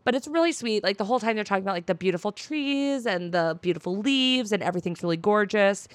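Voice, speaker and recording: A woman's voice: mid-range voice, expressive, dry recording. A woman co-hosting a podcast, casually recapping a book chapter and breezily quoting the characters. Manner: breezy, quotes characters in quick put-on voices. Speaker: podcast co-host.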